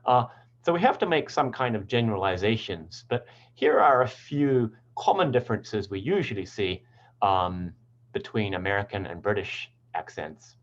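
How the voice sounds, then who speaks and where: A man's voice: lowish voice, animated, normal speed, lo-fi sound. A man teaching English pronunciation, explaining patiently step by step. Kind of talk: explanatory lesson.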